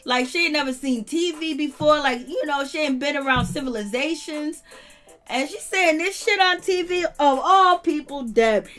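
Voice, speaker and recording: A woman hosts her own channel with a high, bright voice that cuts through. She talks in loose slang and laughs often as she dishes on reality TV. Soft music plays faintly behind her. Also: moderate pace. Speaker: channel host. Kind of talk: reality TV gossip commentary.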